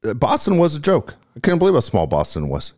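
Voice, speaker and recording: A man's voice: on the high side, huge pitch swings, quick pace, darkish tone. A middle-aged man co-hosting a casual talk show, blunt and matter-of-fact about sports and travel. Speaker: podcast co-host. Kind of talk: casual chat.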